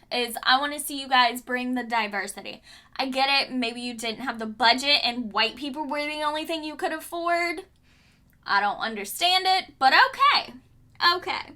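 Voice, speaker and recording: A woman's voice: sits high, sharp tone. A young woman vlogger giving a blunt, casual review while doing her makeup, swearing and throwing in exasperated asides. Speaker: beauty vlogger. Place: home room doing makeup.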